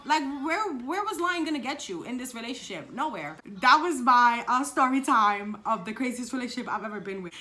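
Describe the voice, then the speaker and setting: A young woman, telling a story on her vlog in a slangy, profane, animated way. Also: high voice, a little fast. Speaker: vlogger. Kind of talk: casual story time.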